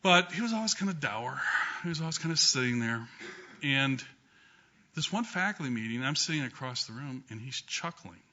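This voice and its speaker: A man's voice: mid-range voice, lively intonation, moderate pace, sharp tone. A middle-aged man, a law professor, tells humorous anecdotes at a memorial gathering, with frequent ums and restarts. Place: law school courtroom with an audience. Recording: dull lo-fi recording.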